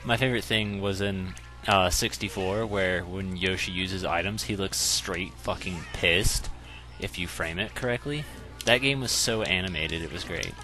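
A man's voice: low-pitched, moderate pace, bright, forceful tone, soft background music. A man bantering casually while playing a video game with friends, joking, laughing and swearing freely. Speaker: gaming commentator.

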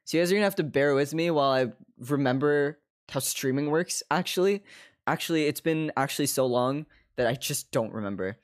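A man's voice: fairly high pitch, a little fast. A young man live streaming from his desk at home, chatting casually, swearing constantly, laughing often and slipping into other accents.

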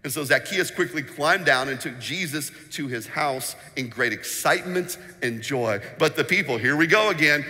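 A male pastor delivers a sermon, retelling stories with animated energy and acting out the lines of the people in them. His voice sits a little high for a man and comes across bright and forceful. The sound carries a long reverb, as in a church hall. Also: moderate pace, few pauses. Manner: animated storytelling, acts out quotes; sings snippets of a children's song. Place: church sanctuary.

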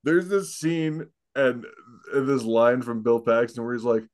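A man's voice: medium pitch, darkish tone. A man co-hosting a casual movie podcast, joking and quoting the film in a raised voice. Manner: quick, jokey, quotes the film with raised voice. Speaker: podcast co-host.

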